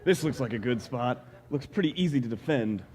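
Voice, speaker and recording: A man's voice: medium pitch, animated, fairly quick, a little mellow, in a large hall, lightly acted. A man playing an easygoing dragon-suit hireling. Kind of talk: stage musical acting.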